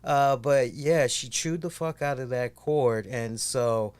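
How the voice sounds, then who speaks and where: A man co-hosting a podcast who tells stories in a casual, animated way and swears constantly. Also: medium pitch, slow, smooth. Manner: heavy swearing, animated storytelling. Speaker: podcast co-host. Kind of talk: casual chat.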